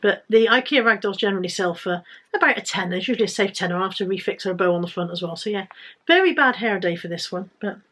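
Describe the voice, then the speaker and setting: A woman's voice: mid-range voice, lively intonation, fast talker, a bit bright. A British woman vlogging casually about items she bought to resell, chatty and rambling with self-corrections. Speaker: resale vlogger. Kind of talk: casual haul vlog.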